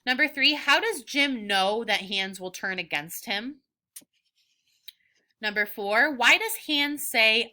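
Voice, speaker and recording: A woman's voice: fairly high pitch, lively intonation, slow pace, bright, forceful tone. A woman teacher giving a recorded lesson, walking her students patiently through reading questions. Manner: clear, patient question-by-question guidance.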